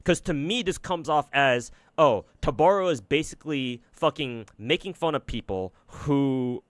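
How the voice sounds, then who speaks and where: A man's voice: mid-range voice, expressive, a little slow, dry recording. A man streaming and giving casual commentary on games, rambling and swearing a lot, with many fillers and restarts. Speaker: gacha game streamer.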